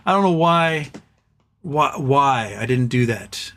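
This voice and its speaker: A man's voice: mid-range voice, lively intonation, takes it slowly, fairly bright tone, a little hiss or hum. Blunt, rambling man in his forties. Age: 40s. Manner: rambling, blunt and opinionated, with frequent fillers and restarts. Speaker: livestream host reading viewer questions. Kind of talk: casual live-stream chat.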